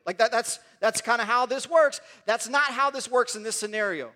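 A man's voice: very high voice, moderate pace, sharp tone. A man preaching a sermon in an earnest way, often repeating words as he builds toward a point.

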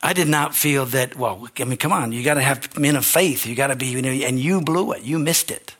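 An older man, a pastor, preaching an earnest, emotional sermon that swings from quiet to shouting. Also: mid-range voice, a little fast, husky.

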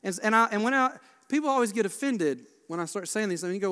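Pastor preaching in reverberant church. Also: male voice, sits high, expressive, brisk. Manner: impassioned, swinging from hushed to loud. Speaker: Baptist pastor. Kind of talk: sermon. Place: large church sanctuary.

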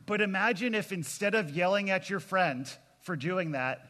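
A man preaches at a kids camp in a high, bright, expressive voice with a forceful tone, speaking at normal speed. Earnest and plainspoken, he addresses children and adults alike and calls out to the crowd, all under a long hall reverb.

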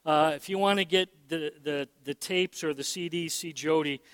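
Man preaching a sermon, high voice, smooth and resonant, emphatic, long hall reverb. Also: moderate pace, fairly bright tone. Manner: emphatic, repeats words, many fillers. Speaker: pastor.

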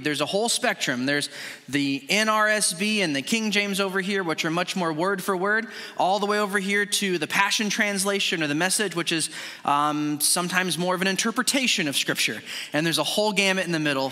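A man's voice: a little high, bright, forceful tone. A man preaching a sermon as a pastor, praying and then teaching in an earnest, conversational way with frequent restarts. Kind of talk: sermon with opening prayer. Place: church meeting room.

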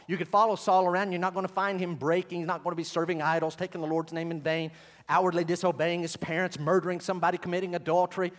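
High-voiced preacher man. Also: big-room sound. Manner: preaching with swings between quiet asides and loud, high emphatic runs. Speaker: pastor. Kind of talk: sermon.

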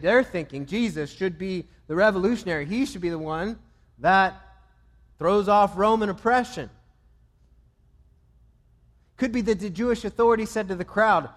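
A man preaching a sermon, swinging between loud emphatic lines and low, quiet ones. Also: moderate pace, pauses often, long reverb tail. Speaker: pastor.

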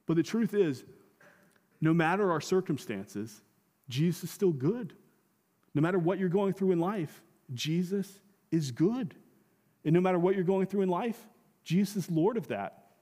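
A man's voice: on the high side, warm tone, big-room sound. A man preaching a sermon as a pastor, talking conversationally, asking rhetorical questions and repeating phrases for emphasis.

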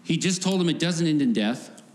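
A man's voice: a little high, animated, moderate pace, a little mellow. Man preaching in a reverberant hall. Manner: conversational, laughing often, acting out voices in the story. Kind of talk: sermon. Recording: faint background noise, long hall reverb.

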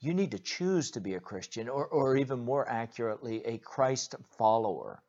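A man preaching a sermon as pastor, earnest and direct, often pausing on "uh" and restarting his words. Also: mid-range voice, expressive, a little mellow. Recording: dull lo-fi recording.

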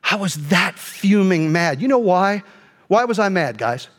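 A middle-aged male pastor telling a personal story in a sermon, animated, jumping between quiet asides and loud outbursts. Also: high-pitched, a little slow. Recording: long hall reverb.

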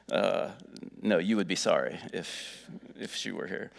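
A man's voice: low voice, slow pace, creaky. A middle-aged man preaching a sermon in a folksy, earnest way, full of fillers. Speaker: pastor.

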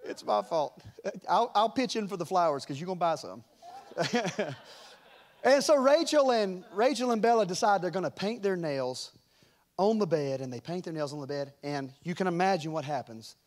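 Telling a family story during his sermon, a middle-aged male pastor chuckles and keeps the delivery animated. He has a high voice and speaks at a moderate pace.

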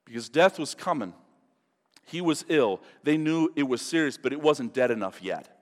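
A male pastor preaching a sermon, animated, acting out quotes in different voices. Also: mid-range voice, normal speed, big-room sound.

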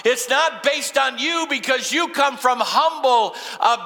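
Bright-voiced older male pastor preaching. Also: very high voice, gravelly. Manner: dramatic pauses and slowed emphasis. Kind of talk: sermon. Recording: long hall reverb.

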